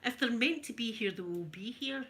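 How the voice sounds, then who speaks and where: A Scottish woman chatting casually to her live viewers while ironing, in a soft, emotional, friendly way. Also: on the high side, expressive, moderate pace. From Scotland. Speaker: ASMR streamer.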